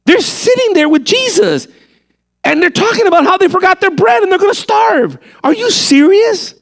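A man preaching a sermon as a pastor, animated and full of rhetorical questions. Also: very high voice, normal speed, creaky.

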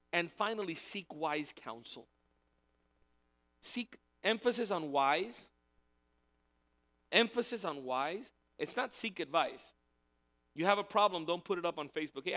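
A man's voice: on the high side, a bit bright. A male pastor preaching a sermon in a conversational way, repeating key phrases for emphasis.

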